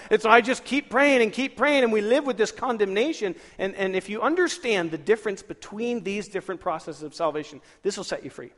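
A man preaching in a church sanctuary with a fairly high voice that carries a long hall reverb. He keeps it lively, throwing questions at the congregation and chuckling between points. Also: a little fast. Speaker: pastor. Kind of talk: sermon.

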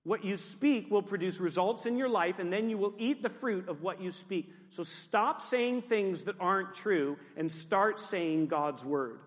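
A male pastor preaching in an emphatic way, with a fairly high voice for a man. His key phrases come back again and again. A long reverb from the hall trails every line. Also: normal speed, few pauses. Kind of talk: sermon.

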